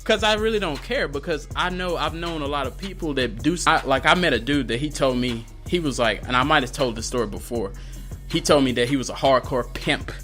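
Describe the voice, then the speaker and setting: A man's voice: brisk, faint music behind. A man co-hosting a podcast, telling stories in casual chat, laughing often and acting out other people's lines. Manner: animated storyteller, laughing, acts out quotes in a high voice. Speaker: podcast co-host.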